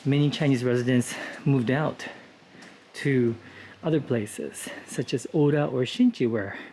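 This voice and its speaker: A man's voice: mid-range voice, measured pace, a little hiss or hum. A man giving a casual, informative walking tour outdoors, with frequent fillers as he explains the sights. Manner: relaxed, informative, with frequent "uh" and "you know" fillers. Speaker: travel vlogger and walking tour guide. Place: outdoors on city streets.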